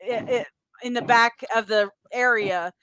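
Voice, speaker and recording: A woman's voice: a little high, unhurried, a crowd in the background. A woman co-hosting a casual podcast, chatting and laughing between phrases. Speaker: podcast co-host.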